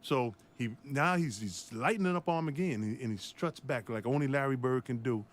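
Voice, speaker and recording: A middle-aged man, a former basketball player, telling a story with lively acted-out voices. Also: mid-range voice, fairly quick. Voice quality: animated, acts out voices in the story.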